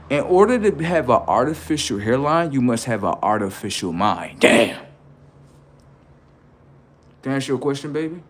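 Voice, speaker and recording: Male livestream comic, brash and mocking, mid-pitched, roasting viewers with rapid rhetorical questions. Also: animated, a little hiss or hum. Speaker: livestream host. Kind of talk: improvised comedy roast on a livestream.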